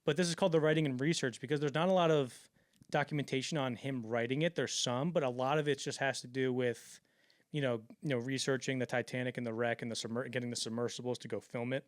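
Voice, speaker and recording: A man hosting a podcast, telling stories in a casual, animated way with lots of swearing and restarts. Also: mid-range voice, quick pace, dry recording, clean studio sound. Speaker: podcast host. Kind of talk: casual storytelling chat.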